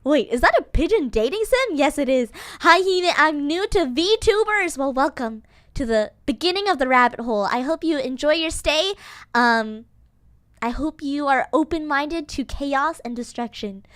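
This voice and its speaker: Bubbly high-voiced young woman streamer. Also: lively intonation, normal speed, fairly bright tone, no echo, clean studio sound. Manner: bubbly and giggly, thanking viewers. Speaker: VTuber streamer. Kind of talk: casual live-stream chat.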